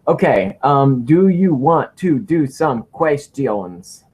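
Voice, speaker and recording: Livestream co-host, man, lively up-and-down delivery, rambling jokey chatter. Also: medium pitch, slow pace, breathy edge. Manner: rambling, joking, reads viewer questions. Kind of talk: casual livestream chat.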